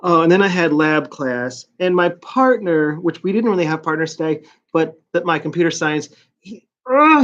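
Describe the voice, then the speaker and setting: A man talking in a casual rambling vlog, a college student ranting about his day in a profane, self-mocking way. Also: a little high. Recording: slightly muffled lo-fi audio.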